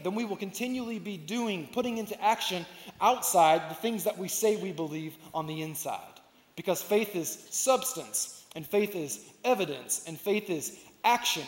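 A male pastor preaching a sermon, earnest and repeating phrases for emphasis. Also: high voice. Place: church sanctuary. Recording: echoey hall.

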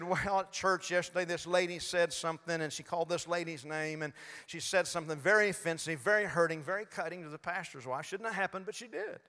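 Folksy older preacher in a hall. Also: male voice, high-pitched, sharp tone. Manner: folksy storytelling with humor. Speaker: guest preacher. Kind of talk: sermon. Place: church sanctuary. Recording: long hall reverb.

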